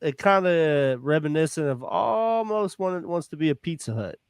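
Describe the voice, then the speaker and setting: A man's voice: fairly high pitch, expressive, normal speed, smooth, dry recording, clean studio sound. A man, co-hosting a podcast and chipping in with trivia and local history in casual chat. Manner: adds trivia and local facts. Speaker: podcast co-host.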